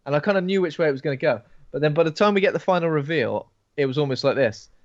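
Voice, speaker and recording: Animated man on a dry, muffled mic. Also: a little high, very fast, no echo. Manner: animated storyteller, acts out reactions. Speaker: podcast co-host. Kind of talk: casual film chat.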